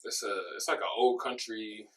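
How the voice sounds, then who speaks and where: A man's voice: fairly low pitch, flat delivery, moderate pace, recorded from a distance, slight background noise, poor audio. A young man chatting casually as a podcast co-host, telling a rambling story with frequent restarts, laughs and swearing. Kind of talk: casual chat.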